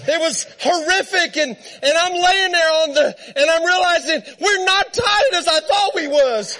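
A preacher with a strikingly high voice, bright and forceful, tells a comic story during his sermon. He keeps it lively and laughs as he goes.

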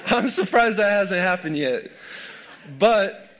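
A young man preaching to his church in a folksy, joking way. His voice sits a little higher than most men's, and he keeps laughing along with his own stories. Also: expressive, takes it slowly, a bit bright. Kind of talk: humorous sermon. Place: church sanctuary with a congregation.

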